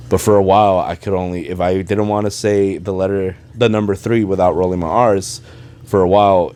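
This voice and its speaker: This podcast host's voice sits low, steady and a little mellow, moving fairly quickly, with slight background noise. He chats casually from home, rambling and losing track of his thoughts, in English with a mild Spanish accent and rolled R's. There's a dishwasher running and faint video game music.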